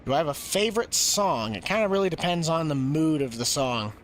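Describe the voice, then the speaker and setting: A man's voice: fairly high pitch, lively intonation, brisk, a little hiss or hum. A man streaming a game live, chatting casually and answering questions from chat.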